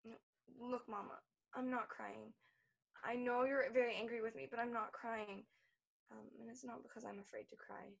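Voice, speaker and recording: An actress playing a childlike grown woman who pleads with her stern mother in an earnest, halting way. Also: on the high side, fairly even intonation, vocal fry. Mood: subdued. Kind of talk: stage drama acting.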